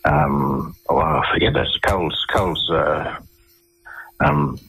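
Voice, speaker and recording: A middle-aged Australian man with a very low, husky voice speaks as a guest on a radio interview. He tells long stories in a rambling way, with frequent restarts and fillers. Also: slow, a bit bright, rough recording.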